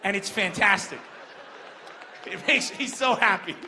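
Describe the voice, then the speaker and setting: High-pitched bright Lebanese comedian on stage. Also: male voice, measured pace, slight background noise. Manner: animated, acts out quoted voices. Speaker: stand-up comedian. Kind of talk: stand-up comedy set. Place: large outdoor festival stage. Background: crowd laughter.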